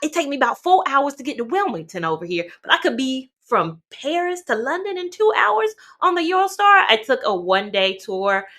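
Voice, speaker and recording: A woman from North Carolina chatting casually to camera as a travel vlogger, animated and talking straight to her viewers. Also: high-pitched, brisk, few pauses. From North Carolina, USA.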